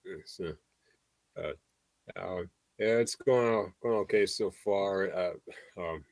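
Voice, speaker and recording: A man chatting casually on a livestream, speaking haltingly with many fillers and repeated words. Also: low voice, dry recording. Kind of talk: casual chat.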